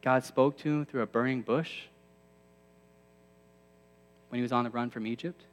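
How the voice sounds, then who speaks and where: A man's voice: medium pitch, fairly even intonation, normal speed, big-room sound. A man in his thirties preaching a sermon to a campus ministry, conversational with self-deprecating asides that build to emphatic peaks.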